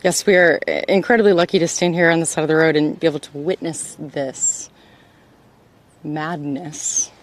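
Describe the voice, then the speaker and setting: An American woman with a low voice speaks at a moderate pace in a steady tone. She's hosting a livestream outdoors by a roadside, chatting live with viewers, greeting them by name and often laughing.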